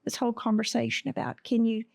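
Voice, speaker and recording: Gravelly woman telling her story slowly. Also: fairly high pitch, little pitch movement, a little mellow, no echo, studio quality. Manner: halting and emotional, with many pauses and fillers. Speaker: podcast guest. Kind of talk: telling a personal story in an interview.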